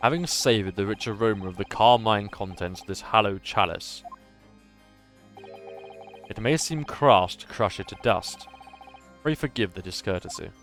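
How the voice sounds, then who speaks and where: Aloof, sneering nobleman lawyer in a game, low and unhurried, read by a male streamer. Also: fairly bright tone, faint music behind, close to an everyday voice. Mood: disdainful. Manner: slow, disdainful, low-voiced. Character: cold haughty aristocratic male prosecutor.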